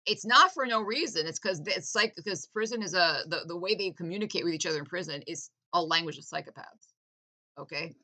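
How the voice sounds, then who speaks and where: A woman speaking straight to the camera in an intense, profane rant. Her voice is bright and forceful, and she pushes every point hard. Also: lowish voice, animated, brisk. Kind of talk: heated political rant to camera.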